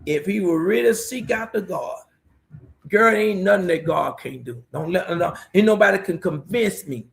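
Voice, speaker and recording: A middle-aged man, testifying as a pastor guest on a live show. His voice sits high and has a heavy gravelly rasp. He preaches in a storytelling way, urging listeners to "watch this here.". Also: lively intonation, normal speed, fairly bright tone. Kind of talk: emotional testimony.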